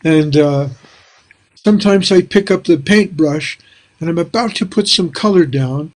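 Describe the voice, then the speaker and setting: A man's voice: sits high, measured pace, pauses often. An older man hosting a casual interview, talking in a reflective, rambling way with many fillers. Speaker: host.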